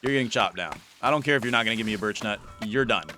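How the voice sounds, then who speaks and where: A man's voice: on the low side, rapid-fire, pushed and bright, faint music behind. A man giving casual, playful gameplay commentary as a YouTuber, teasing and chatting to the creatures in his game. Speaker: gaming YouTuber.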